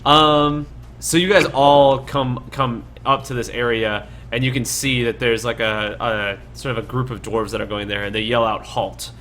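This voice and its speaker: Laid-back young dungeon master. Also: male voice, medium pitch, steady tone, moderate pace, a bit bright, slight background noise. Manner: rambling, filler-heavy, laid-back. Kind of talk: casual tabletop game narration.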